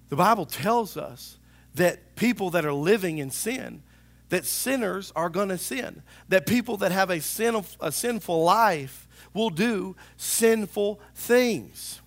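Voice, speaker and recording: A male pastor preaching a sermon in a church, animated and talking to the congregation, now and then acting out voices. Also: high-pitched, takes it slowly. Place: church sanctuary.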